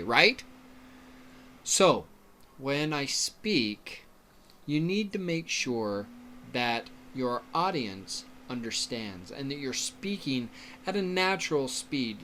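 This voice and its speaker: Slow, bright-voiced man teaching a lesson. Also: mid-range voice, big pitch swings, a little hiss or hum. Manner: slow, explanatory, checks in with "okay?", laughs often. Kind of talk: lecture on public speaking.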